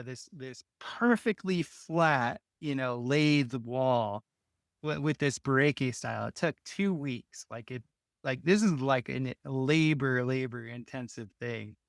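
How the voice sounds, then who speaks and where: Taking it slowly in a mid-range voice, a builder being interviewed tells a casual, rambling story full of restarts and quick laughs between phrases. There's no room sound, and the audio is studio quality.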